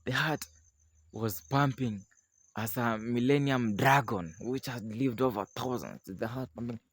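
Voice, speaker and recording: A man telling a village folk tale outdoors in a rambling, animated, casual way, acting out the figures himself. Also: medium pitch, measured pace, no echo. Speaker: storyteller. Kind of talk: casual oral storytelling.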